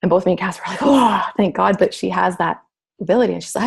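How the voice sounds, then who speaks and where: A middle-aged woman tells a personal story in an easy, casual way. Her voice sits a little low and has a gravelly, husky grain. She often slips into quoting her own thoughts aloud. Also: fast. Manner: animated, acts out her own inner voice. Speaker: guest.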